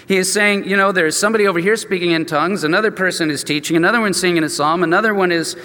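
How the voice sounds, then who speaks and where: A man's voice: high voice, rapid-fire, bright, forceful tone. Older male pastor preaching in a reverberant hall. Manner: conversational, acts out quoted dialogue. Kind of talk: expository sermon with storytelling. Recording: long reverb from a large hall.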